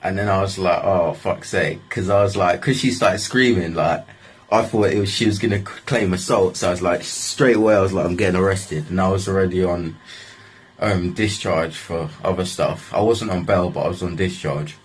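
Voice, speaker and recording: A young man tells a story in a deep, husky voice. He rambles and swears freely, and keeps padding his lines with "like". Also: moderate pace. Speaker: vlogger. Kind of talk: casual storytelling.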